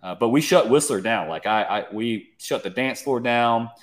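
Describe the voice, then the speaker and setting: A man of middle pitch who talks as a podcast guest. He tells brash, joking stories and swears freely as he goes. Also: normal speed. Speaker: guest, mountain bike video creator. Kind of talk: casual chat.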